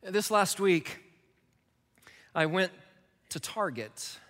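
A man's voice: high-pitched, animated, drawn-out words, fairly bright tone. A male pastor preaching a sermon in a conversational way, with joking asides and repeated words. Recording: long reverb in large hall.

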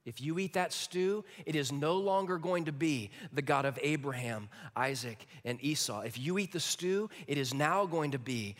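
A man preaching a sermon with animated delivery, sometimes dropping to a hushed near-whisper for emphasis. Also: medium pitch, normal speed. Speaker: pastor. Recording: long hall reverb.

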